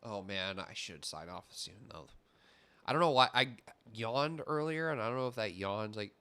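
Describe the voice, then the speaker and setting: Bright-voiced young man rambling on stream. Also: deep voice. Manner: rambling, self-interrupting, laughs often. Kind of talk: casual gameplay chat.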